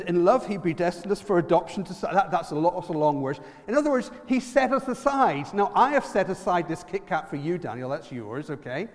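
A man with an Irish accent preaching a lively sermon, quizzing the congregation and using props. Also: high voice, big-room sound.

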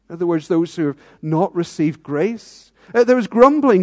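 A man with a high voice preaches a sermon from the pulpit, earnest and searching. He leans on rhetorical tag questions and sometimes sinks into a hushed tone. His words ring out with the long reverb of a church hall. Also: lively intonation, normal speed, few pauses.

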